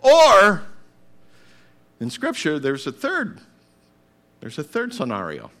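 A man preaching a sermon, acting out voices and breaking into shouted calls to get up. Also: sits high, wildly swooping pitch, slow pace.

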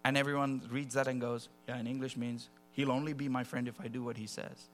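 A man preaching a sermon, animated and conversational, dropping to soft asides and rising to loud acted quotes. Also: mid-range voice, a little fast, a little hiss or hum.

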